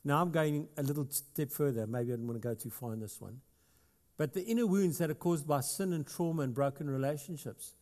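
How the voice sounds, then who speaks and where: A man's voice: a little high, brisk, a little mellow. A man with a South African accent preaching a sermon as pastor, talking conversationally and building to emphatic passages. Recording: long hall reverb.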